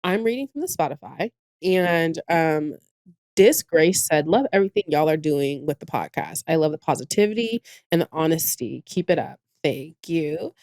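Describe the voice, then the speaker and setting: A woman's voice: low-pitched, lively intonation, moderate pace, a little mellow, no echo. A young adult woman co-hosting a podcast in casual chat, blunt and joking, full of slang. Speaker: podcast co-host.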